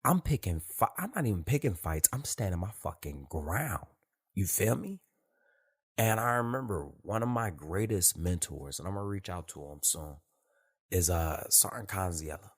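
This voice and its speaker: A man's voice: sits low, animated, normal speed, slightly rough. A man telling profane stories from his time in the military in casual street slang. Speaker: host. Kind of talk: casual storytelling monologue.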